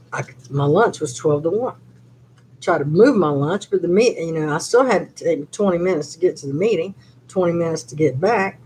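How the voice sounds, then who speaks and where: A woman's voice: deep voice, darkish tone, poor audio. Older lady chatting on her live stream, rambly, lots of um and you know, a little noise behind. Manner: rambling, chatty storytelling with many fillers. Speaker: channel host on a live chat. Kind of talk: casual live-stream chat.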